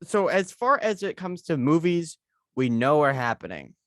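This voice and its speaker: Speaking at a moderate pace with a high-ish, slightly bright voice, this podcast co-host is very animated. He rambles hesitantly with plenty of fillers in casual chat over a video call. The sound is clean, studio-quality, with no echo.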